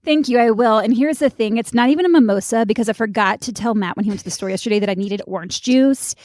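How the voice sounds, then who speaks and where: Laid-back female podcast co-host, slightly high voice, dry and close, swears casually. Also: quick pace, darkish tone, no echo. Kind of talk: casual chat.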